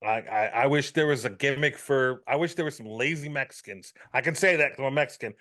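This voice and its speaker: A man's voice: medium pitch, fast, sharp tone. A man co-hosting a casual podcast chat, ranting and joking with profanity. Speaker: podcast co-host.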